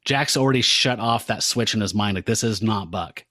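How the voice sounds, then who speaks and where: A man co-hosting a podcast, retelling a comic in an animated, casual way with laughs. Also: lowish voice, normal speed, no room sound. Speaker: podcast co-host. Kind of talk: casual comic book discussion.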